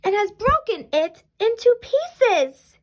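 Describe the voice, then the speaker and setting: A woman's voice: extremely high pitch, sing-song, slow, pitched above the performer's own voice, exaggerated voice, rough recording. A woman voicing a small bear cub in a storybook reading, with a small, whiny voice. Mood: upset.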